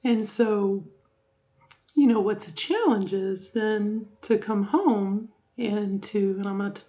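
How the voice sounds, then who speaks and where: A woman's voice: mid-range voice, slow, dark tone. A middle-aged woman talking in a casual video diary, reflective and rambling, full of fillers and restarts. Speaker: vlogger. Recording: dull lo-fi audio.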